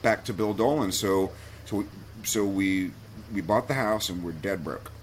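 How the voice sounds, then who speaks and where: A man's voice: sits low, normal speed, a little hiss or hum. A man on a podcast as a guest, telling a personal story in a candid, heartfelt way that gets him choked up. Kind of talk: casual storytelling.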